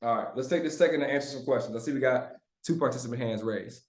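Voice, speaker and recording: A man leading a live online sales training, coaching his group in a lively, chatty way and often laughing. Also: mid-range voice, fast, reverberant.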